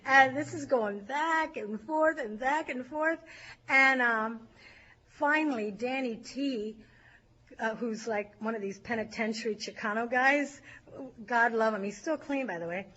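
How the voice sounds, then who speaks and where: A woman with a high, bright voice tells a story to a group, animated and quick to laugh. Her voice comes through a dull, lo-fi recording. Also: a little hiss or hum. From California. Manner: lively, laughs often, acts out shouting crowds. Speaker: speaker sharing a recovery story.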